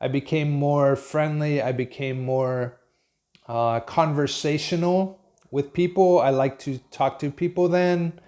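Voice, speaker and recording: An American man in his fifties talks through an English lesson at a slow, easy pace. His voice sits a little high for a man. He thinks aloud and often stops to restart a sentence. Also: fairly even intonation, a little mellow. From Pennsylvania, USA. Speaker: English teacher. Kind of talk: unscripted lesson monologue.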